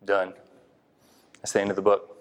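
A man's voice: low voice, monotone, normal speed, smooth. A man preaching an informal sermon in a conversational way, thinking aloud with many fillers and restarts. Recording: long hall reverb.

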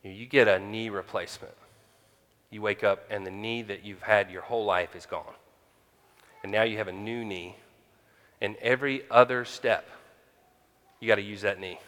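A man preaching a conversational sermon as pastor, pausing often with fillers. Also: lowish voice, steady tone, a bit bright. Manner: conversational with frequent pauses and fillers. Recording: hall reverb.

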